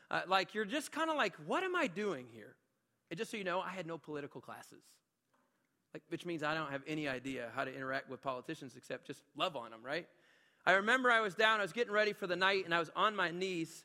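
A male pastor with a high, bright, cutting voice delivers a passionate sermon in a church sanctuary. He talks conversationally, tossing in quick asides, then drops low and quiet before building to loud, ringing emphasis. His voice carries a long reverb from the big hall. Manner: passionate preaching that swings from hushed asides to loud emphatic peaks; conversational, with frequent filler asides.

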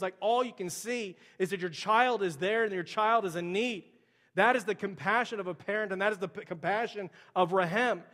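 High-voiced pastor preaching in a reverberant hall. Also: male voice, a bit bright. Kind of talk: sermon. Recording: long reverb of a large hall.

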